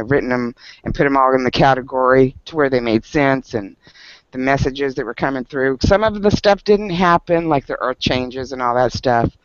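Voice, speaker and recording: With a mid-range voice, a man recounts a story at his book club, laughing often in the loose group talk. He's animated and his speech is heavy with fillers. The recording is dry, with a dull lo-fi quality.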